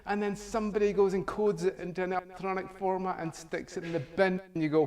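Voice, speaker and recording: Man, middle-aged, high-pitched, jokey storytelling with chuckles. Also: flat delivery, quick pace, a little mellow. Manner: jokey storytelling, chuckles often, acts out dialogue. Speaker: professor giving a meetup talk. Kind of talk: humorous conference talk. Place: meetup venue room.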